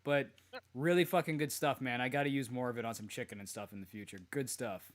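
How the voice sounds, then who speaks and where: A man's voice: mid-range voice, fast. A man co-hosting a podcast in casual chat, laughing often and swearing easily. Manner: laughs a lot, profane, relaxed. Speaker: podcast co-host.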